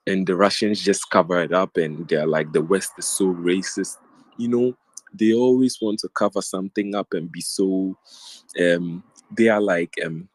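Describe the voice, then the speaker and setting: A man's voice: low-pitched, no room sound. A young man from Africa, a student speaking in an online audio room, worked up and repeating his points with many ums. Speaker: Twitter Space speaker. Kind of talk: impassioned casual talk. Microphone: phone or headset in an online audio room.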